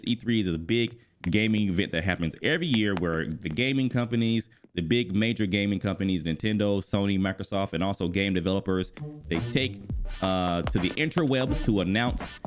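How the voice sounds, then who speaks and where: A man in his thirties casually chatting about a video game while he plays, animated and quick to exclaim. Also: fairly low pitch, a little hiss or hum. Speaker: gaming YouTuber and streamer. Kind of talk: casual gaming vlog commentary while playing. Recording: music bed playing clearly behind the voice.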